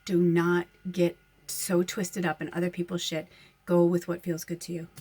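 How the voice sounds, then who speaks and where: A woman's voice: on the low side, completely flat delivery, normal speed, a little mellow, breathy edge. A woman medium talking casually to her followers, rambling and chatty, often breaking into laughter. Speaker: spiritual medium and channel host.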